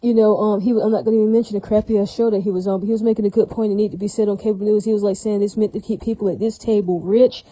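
A woman's voice: mid-range voice, fairly even intonation, rapid-fire, hardly any pauses, mellow, poor audio. A woman delivering a rambling, ranting monologue to camera, often breaking off to ask whether what she says makes sense. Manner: ranting, repetitive, asks "does that make sense?".

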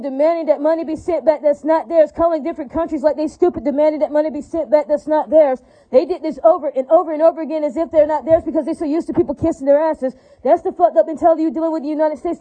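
Woman, angry rant, profane and preachy, high-pitched, very dark tone. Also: rough recording. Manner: profane, heated, preachy, repetitive.

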